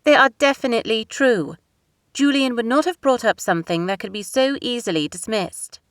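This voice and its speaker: A woman's voice: a little high, normal speed, dry recording, clean studio sound, voice pushed up, lightly acted. A woman reading an audiobook and voicing a proud, strong-willed young princess, with emphatic, pointed lines. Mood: insistent. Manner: emphatic, rising to sharp outbursts.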